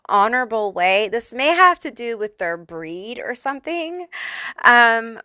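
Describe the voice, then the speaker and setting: Unhurried, bright-voiced tarot reader woman. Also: mid-range voice, smooth, no room sound. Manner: casual, laughs often, swears freely. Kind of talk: pick-a-card tarot reading.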